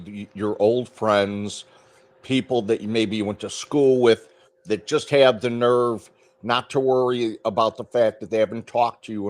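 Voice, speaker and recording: A man's voice: fairly low pitch, darkish tone. A man in a casual group chat, speaking briefly and plainly. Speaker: guest.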